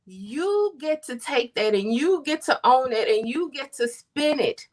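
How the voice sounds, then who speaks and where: A woman's voice: high voice, animated. Earnest woman guest speaking over a video call. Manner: earnest, measured, frequent ums. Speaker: guest author. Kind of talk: interview answers.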